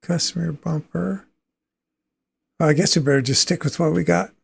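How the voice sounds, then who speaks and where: A man's voice: a little high, moderate pace, vocal fry, breathy edge. A man from Canada hosting a livestream, chatting casually and thinking aloud as he plays a trucking game, with easy chuckles. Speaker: livestream host.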